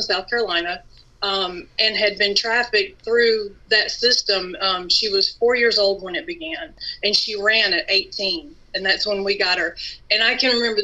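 A woman's voice: mid-range voice, sharp tone, muffled recording. A woman who works in ministry, speaking earnestly and conversationally as a guest in an interview. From Atlanta, USA. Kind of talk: interview testimony.

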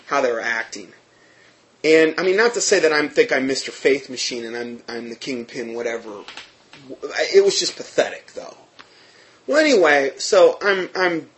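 Animated man telling a personal story. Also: on the high side. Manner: animated, emphatic, with frequent restarts.

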